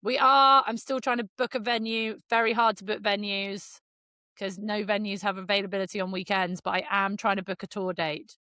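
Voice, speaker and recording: A woman's voice: mid-range voice, steady tone, normal speed, bright, forceful tone, smooth, dry recording, studio quality. A woman co-hosting a podcast in casual chat, blunt and ranting, swearing freely. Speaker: podcast co-host.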